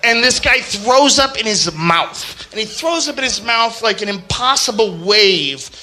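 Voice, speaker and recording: Bright-voiced man ranting on a podcast. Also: high-pitched, a little slow. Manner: animated, profane, laughing, mocking voices. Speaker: podcast host. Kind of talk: casual comedic rant.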